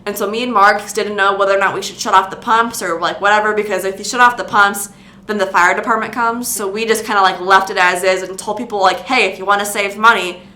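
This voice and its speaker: A woman's voice: medium pitch, steady tone, fast talker, pushed and bright, roomy sound. A young woman telling a casual storytime vlog about her retail job, rambling with lots of filler words and restarts. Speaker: vlogger recounting retail job.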